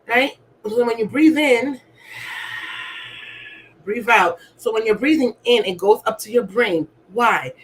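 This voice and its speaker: A woman's voice: on the high side, fairly bright tone, poor audio. A woman speaking as a wellness coach, coaxing her listeners and often asking "right?" as she guides them through breathing. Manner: coaxing, keeps asking "right?", acts out gasps. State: asthmatic. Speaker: alignment coach. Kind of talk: motivational wellness talk.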